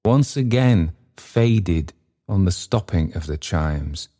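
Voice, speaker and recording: Low slow-reading male narrator. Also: expressive, mellow. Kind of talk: audiobook reading.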